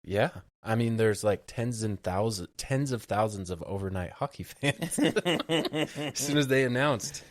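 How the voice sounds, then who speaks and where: A man's voice: medium pitch, lively intonation, measured pace, no echo, studio quality. A man co-hosting a casual podcast, speaking in an easygoing, agreeable way. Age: adult. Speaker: podcast co-host. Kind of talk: casual chat.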